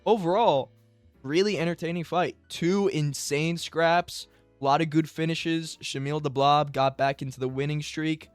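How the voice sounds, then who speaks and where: A man's voice: a little high, steady tone, moderate pace, faint music behind. A young man giving a casual, rambling solo recap of fights, full of filler words. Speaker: MMA commentary YouTuber.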